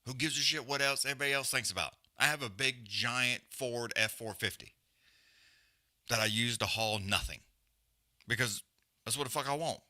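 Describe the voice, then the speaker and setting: A blunt man rants on a live stream, swearing constantly and hammering his points home through repetition. His voice is very bright and cutting, at a middle pitch. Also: moderate pace. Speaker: podcast host. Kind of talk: profane rant on a live stream.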